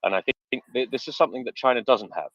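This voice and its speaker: A man hosting an online discussion, speaking in a measured, thoughtful way with frequent fillers. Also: medium pitch, no echo. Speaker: host. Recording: muffled dry online audio.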